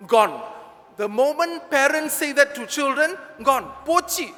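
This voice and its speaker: A man's voice: very high-pitched, animated, unhurried, sharp tone, in a large hall, faint music behind. A priest with a Malaysian English accent, giving a chatty, joking homily straight to his congregation in a large church.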